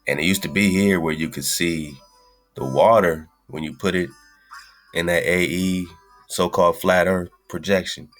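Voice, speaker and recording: A man's voice: sits low, steady tone, normal speed, a bit bright, soft background music. A man hosting an internet radio show, talking in loose, slangy, rambling casual chat and calling his listeners "man.". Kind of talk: casual livestream talk.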